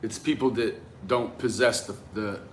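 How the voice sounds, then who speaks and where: A man talking through a case in a reflective, conversational monologue, often tagging his points with a questioning "right?" and trailing off into quiet asides. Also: on the low side, fairly even intonation, moderate pace, a little hiss or hum. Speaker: commentator on a true-crime case. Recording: roomy echo with faint ambience.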